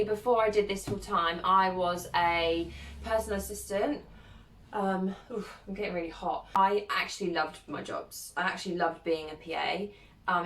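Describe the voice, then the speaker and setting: A woman's voice: mid-range voice, a bit bright. Young woman, casual giggly chat, reads out questions, lots of ums, mid-range voice, echoey room, mic set back. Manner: chatty and giggly, reads each question aloud then answers with lots of ums. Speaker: content creator. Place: at home, sitting alone. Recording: roomy sound from a distant mic.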